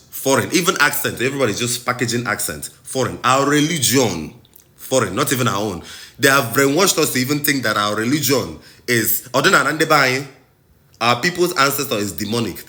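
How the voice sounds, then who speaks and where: A Nigerian man delivers a passionate commentary with a bright, forceful tone. His pitch swings widely as he repeats phrases and presses each point like a sermon. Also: animated, a little fast. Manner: impassioned, rhetorical, preachy, repeats phrases for emphasis. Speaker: host.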